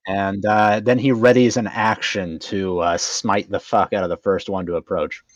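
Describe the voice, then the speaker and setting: A man's voice: fairly low pitch, steady tone, normal speed, no echo. A man playing a tabletop game, thinking aloud as he explains his moves. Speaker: player.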